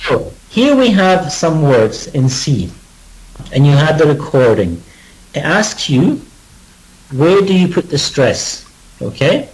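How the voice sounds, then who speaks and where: This British English teacher models words for his students to echo, slipping in chatty jokes along the way. His voice is fairly high with wide swings in pitch, slow and somewhat dark in tone, and the recording is rough.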